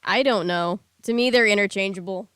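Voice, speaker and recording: A woman's voice: medium pitch, brisk, fairly bright tone, clean tone, dry recording. A woman co-hosting a book-reading stream, chatting casually in an easygoing, joking way and laughing often. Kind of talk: casual chat.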